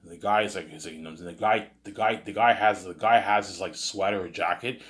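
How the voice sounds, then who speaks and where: Low male voice, casual rambling monologue, frequent restarts, loose and unscripted. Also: fast talker, fairly bright tone. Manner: rambling, with many restarts and "you know what I'm saying"; casual, with swearing. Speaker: host.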